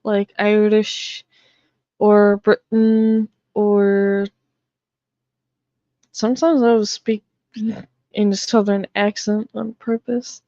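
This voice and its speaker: A woman's voice: medium pitch, warm tone, clean tone, no room sound, muffled recording. A woman from the Boston area chatting casually on her live stream, blunt and swearing freely.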